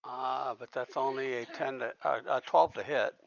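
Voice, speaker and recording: A man playing a tabletop game, talking slowly with a wry edge. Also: medium pitch, steady tone, gravelly, dull audio, a little hiss or hum. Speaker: player.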